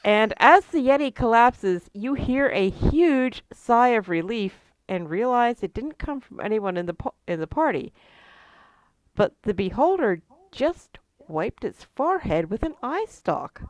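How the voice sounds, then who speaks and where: A woman narrating a tabletop game as game master, in a lively, joking manner with frequent fillers. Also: on the high side, unhurried, no room sound.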